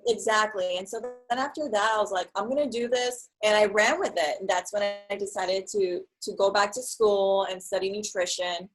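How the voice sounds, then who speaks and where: A young woman in casual conversation, telling her story in an animated way and acting out what others said. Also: medium pitch, moderate pace, few pauses, faint music behind, poor audio. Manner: animated storyteller, acts out quotes. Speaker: guest.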